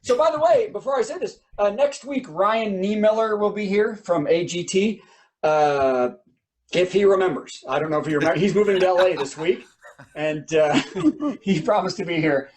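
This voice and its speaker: A man hosts a live online comedy show, rambling cheerfully through plugs and introductions. His voice sits fairly high for a man, and his jokes tumble out loosely. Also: normal speed. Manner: rambling, joking, upbeat. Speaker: host.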